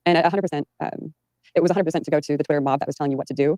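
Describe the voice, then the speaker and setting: A woman's voice: deep voice, fairly even intonation, racing, dark tone, no room sound, rough recording. A woman giving an interview, rambling with many fillers and restarts. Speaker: interview guest. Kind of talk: recounting in an interview. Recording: played from an archived interview.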